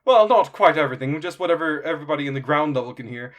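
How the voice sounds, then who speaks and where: Man doing a fussy, high-pitched arena announcer. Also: expressive, rapid-fire, lightly acted. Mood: eager. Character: nosy male arena announcer-interviewer.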